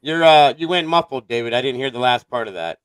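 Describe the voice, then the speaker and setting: A man's voice: mid-range voice, lively intonation, a little fast, fairly bright tone, smooth, dry recording, poor audio. A man hosting a live stream, chatting casually with guests and checking each one in. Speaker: livestream host.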